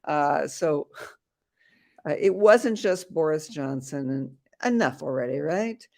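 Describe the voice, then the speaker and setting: A woman's voice: low-pitched, animated, takes it slowly, gravelly, darkish tone. A woman in her seventies, a guest on the show, arguing earnestly and asking rhetorical questions in conversation. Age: 70s. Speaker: activist guest. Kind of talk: conversational interview.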